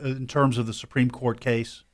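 A man co-hosts the studio talk show and asks the guest questions. He speaks haltingly, stopping and restarting often. His voice sits at an ordinary middle pitch. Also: little pitch movement. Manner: hesitant, halting, many restarts when asking. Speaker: radio co-host. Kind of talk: casual radio talk. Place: radio studio.

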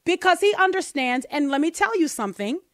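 A woman hosting a podcast, talking through political commentary in an animated, rhetorical way. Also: high-pitched, fairly quick, no echo, studio quality. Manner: animated, rhetorical, asks listeners to bear with her. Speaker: podcast host.

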